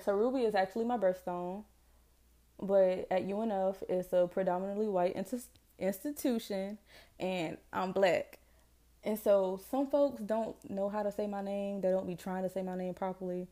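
Southern US woman, 20s, podcast host; mellow tone, rambling, slangy solo chat. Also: mid-range voice, steady tone, normal speed. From Jacksonville, Florida, US. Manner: chatty, rambling, self-deprecating, slangy.

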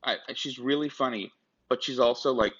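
A man's voice: mid-range voice, a little fast, fairly bright tone, slightly rough. Rambling man in casual chat. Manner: rambling, full of restarts and asides. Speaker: podcast co-host. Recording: dull lo-fi sound.

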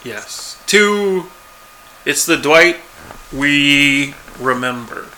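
A man's voice: fairly high pitch, animated, extremely slow, sharp tone, a little hiss or hum. A man chatting casually as a podcast co-host, laid-back and chuckling, acting out quoted lines. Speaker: podcast co-host recapping a TV episode. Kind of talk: casual chat.

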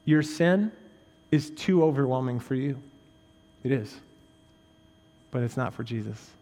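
A male pastor preaching a sermon in a conversational way, tossing in "right?" asides and jokes, swinging from raised, intense emphasis to quiet, low stresses. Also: lively intonation, a little slow, in a large hall.

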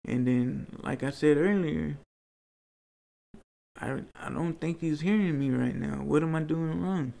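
A man speaks in an interview, earnest and rambling, sometimes pleading. His voice sits a little high and carries a gravelly fry. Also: a little slow, warm tone. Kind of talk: personal storytelling interview.

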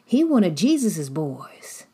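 A woman voicing a bystander who insists a man belongs to the group, in a high, pressing voice. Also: sing-song, slow pace, dark tone, slightly rough, full character voice. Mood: accusing. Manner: high, insistent, pointing the finger. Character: bystander pointing out a suspect.

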